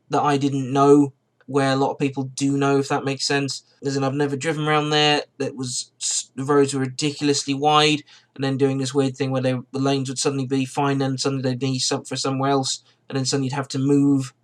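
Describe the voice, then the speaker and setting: Guy rambling about his drive on his car vlog, just rolled out of bed, keeps correcting himself, mid pitch. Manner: rambling, digressive, self-correcting. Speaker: car vlogger. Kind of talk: casual to-camera storytelling.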